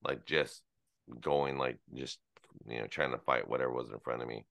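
A man's voice: very deep voice, steady tone, moderate pace, creaky, fairly bright tone, dry recording. A man chatting casually as a podcast co-host, rambling through a story with many fillers.

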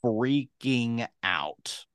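Brief: late-30s male podcast host, animated storyteller, lively pitch, dry close mic. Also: very slow, smooth, no room sound. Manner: animated, acts out quoted dialogue. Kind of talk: casual storytelling.

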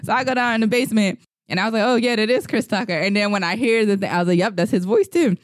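A man's voice: sits high, fast talker, dry recording. Man recapping a movie, dry close sound. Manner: rambling storyteller, acts out lines. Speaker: podcast co-host.

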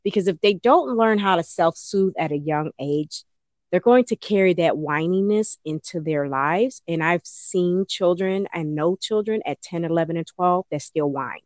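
A woman, an early childhood educator, answering interview questions in a casual, animated way, often slipping into playful high voices. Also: moderate pace, no room sound.

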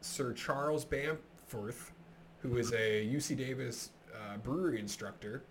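A young man co-hosting a casual football podcast, chatty and animated, telling stories and laughing often. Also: medium pitch, unhurried, heavy background noise. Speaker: podcast co-host. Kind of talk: casual sports chat.

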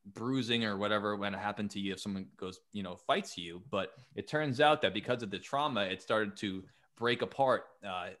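Male podcast host, lively storyteller, swears, acts out quotes. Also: fairly low pitch, normal speed, few pauses. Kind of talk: casual chat.

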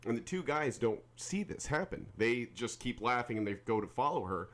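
Podcast host, man, mid-pitched and swearing freely; tells stories with loud bursts. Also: moderate pace. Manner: profane, animated storyteller who shouts out quoted lines. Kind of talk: casual chat and storytelling.

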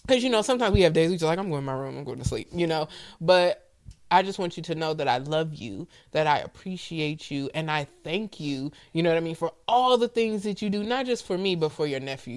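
A woman giving heartfelt thanks to a relative, chatty and laughing, dropping quiet when serious. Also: on the low side, no room sound, clean studio sound. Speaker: family member giving a thank-you speech. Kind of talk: heartfelt casual speech.

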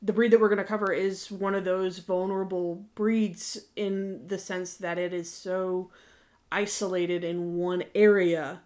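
A woman's voice: lowish voice, flat delivery, a little slow, darkish tone. An American woman co-hosting a podcast, explaining things knowledgeably in casual chat with a few restarts. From United States. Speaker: podcast co-host.

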